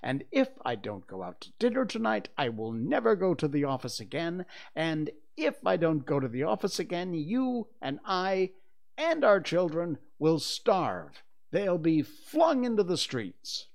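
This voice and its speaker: A man voicing a pompous, blustering father in a temper, yelling and turning sarcastic. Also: a little high, wildly swooping pitch, a little slow, creaky, voice pushed up, heavily acted. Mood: stern.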